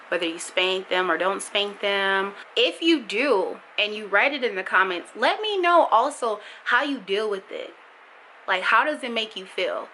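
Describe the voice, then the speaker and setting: A young woman talks to her camera about raising her son, frank and emotional, with a bright, forward voice. A light background hum sits under her words. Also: mid-range voice, low-quality recording. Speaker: vlogger, mother. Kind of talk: candid vlog monologue.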